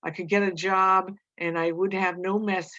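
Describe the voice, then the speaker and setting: A woman voicing a weary working man who speaks quietly and flatly in a storybook reading. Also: medium pitch, normal speed, no room sound, close to an everyday voice. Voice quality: quiet, monotonous. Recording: dull lo-fi recording.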